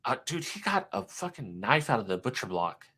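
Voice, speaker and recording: A man's voice: medium pitch, sing-song, fairly quick, sharp tone, husky. A man co-hosting a podcast in laid-back casual chat, swearing freely and laughing often. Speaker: podcast co-host.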